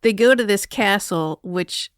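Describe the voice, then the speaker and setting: A woman co-hosting a podcast, chatting casually about a film, wry and blunt, quick to laugh. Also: mid-range voice, no room sound, studio quality. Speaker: podcast co-host. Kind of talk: casual movie-review chat.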